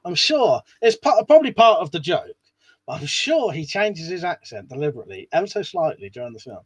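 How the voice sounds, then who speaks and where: A man's voice: on the high side, very animated, brisk, husky, no room sound, muffled recording. A man hosting a casual live stream, chatting to viewers in a rambling way and swearing now and then. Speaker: live stream host reading chat.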